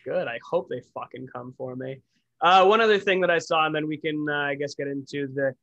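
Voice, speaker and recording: A man's voice: a little high, a little fast, fairly bright tone, lo-fi sound. A man co-hosting a podcast in casual chat, ranting bluntly and swearing freely. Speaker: podcast co-host.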